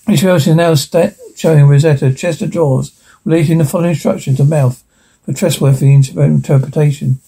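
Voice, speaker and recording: A man reads a film script aloud in a gravelly, husky voice, slightly high for a man. He keeps it dark and mellow, often tripping over words and starting again. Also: steady tone. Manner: halting, self-correcting. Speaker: reader.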